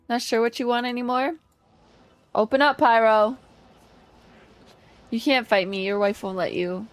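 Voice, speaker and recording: A woman game streamer chatting casually on a live stream, relaxed and chatty, talking to her chat and humming along while she plays. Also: fairly high pitch, unhurried, pauses often, soft background music.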